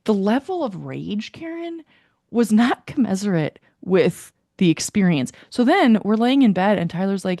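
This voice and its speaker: Clean studio audio with no room sound captures a podcast co-host in casual conversation. She speaks at medium pitch and a moderate pace, laughing frequently, spinning lively stories and acting out people's quotes.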